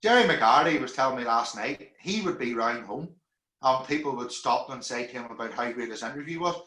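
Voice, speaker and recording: Bright Northern Irish man hosting. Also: medium pitch, expressive, a little fast. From Northern Ireland. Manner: chatty, laughs often. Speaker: interviewer host. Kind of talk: casual online interview chat. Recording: echoey room.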